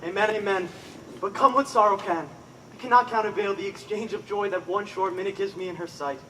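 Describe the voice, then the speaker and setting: An earnest young lover, played by a man, declaiming in a fairly high, bright voice. He is heard from some distance off the mic, with faint outdoor ambience. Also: brisk, a little hiss or hum. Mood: ardent. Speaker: stage actor. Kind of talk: live outdoor Shakespeare performance.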